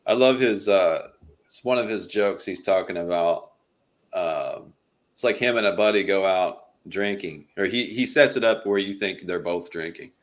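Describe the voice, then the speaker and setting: Deep-voiced man, loose and profane. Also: normal speed. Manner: loose and profane, swears freely. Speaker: podcast guest. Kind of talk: casual chat.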